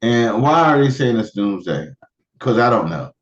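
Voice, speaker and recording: Man, podcast co-host, offhand deadpan delivery, dull lo-fi mic. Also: fairly low pitch, normal speed. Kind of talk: casual chat.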